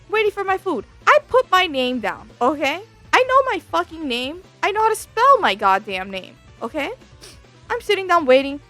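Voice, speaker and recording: A woman telling a storytime as a vtuber, profane, exasperated and animated. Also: high voice. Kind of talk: casual storytime rant. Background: faint background music.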